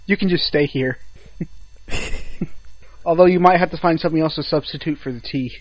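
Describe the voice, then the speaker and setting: A man's voice: a little high, normal speed, no echo. A young man co-hosting a podcast in casual chat, laughing often and teasing his co-host. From United States. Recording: dull lo-fi sound.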